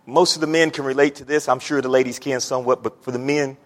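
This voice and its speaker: A man preaching a sermon as pastor in a church, building from quiet asides to emphatic peaks and repeating words as he goes. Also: mid-range voice, steady tone, fast. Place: church sanctuary. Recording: long church reverb.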